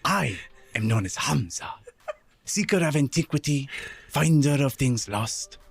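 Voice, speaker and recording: A theatrical, courtly arcade collector hosts his guests in a game, and the voice is grand and expansive. a husky tone and pitch that rises and falls widely. The delivery stays ceremonious throughout. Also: expressive, a little slow, dry recording, soft background music, exaggerated voice. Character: grandiose flamboyant male arcade collector host. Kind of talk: video game voice acting.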